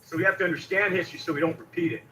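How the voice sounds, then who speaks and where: A man's voice: high voice, fairly even intonation, rapid-fire, far from the mic, crowd noise, poor audio. A man arguing insistently in a panel debate, often repeating his words as he pushes his point. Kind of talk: heated online panel debate.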